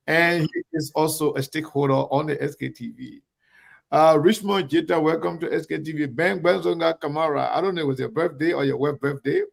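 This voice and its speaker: A man hosts a live online talk show, calling out viewers and pressing his points with emphatic repetition. His voice sits a little high and carries a gravelly fry. He talks straight to his audience. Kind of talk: live show shout-outs and commentary.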